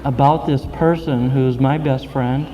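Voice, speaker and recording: A man introducing a guest speaker at a recovery meeting, earnest and halting, with many fillers. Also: medium pitch, fairly even intonation, highs cut off, a little hiss or hum.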